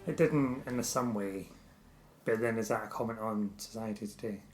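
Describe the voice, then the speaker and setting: A man co-hosting a podcast in casual chat, trading quick jokes. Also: fairly low pitch, roomy sound, soft background music. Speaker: podcast co-host.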